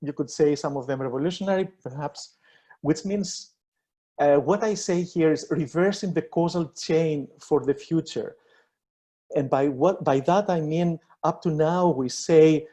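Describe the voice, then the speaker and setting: Guy giving a talk in an online debate, kinda high voice, mellow, stops and restarts a lot. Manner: earnest, halting, many fillers and restarts. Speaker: panelist presenting a proposal.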